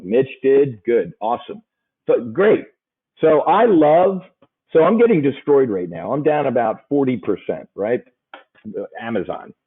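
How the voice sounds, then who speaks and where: A man hosting a live options trading show, talking to viewers in a brash, excitable way with quick asides. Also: medium pitch, husky. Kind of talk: live market commentary to viewers. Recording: phone-like narrow sound.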